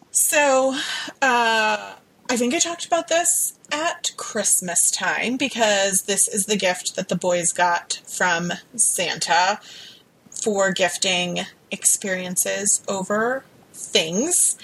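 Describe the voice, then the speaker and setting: A woman co-hosting a casual podcast, joking and sarcastic as she chats. Her voice is bright and ringing, with a mid pitch. She sounds like she is in her thirties. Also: slow, vocal fry, a little hiss or hum. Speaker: podcast co-host.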